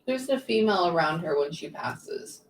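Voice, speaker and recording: A woman working as a psychic medium, relaying messages in quick bursts and often pausing to say "hang on" during a live reading session. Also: on the low side, expressive. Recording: echoey room, distant mic, faint background noise.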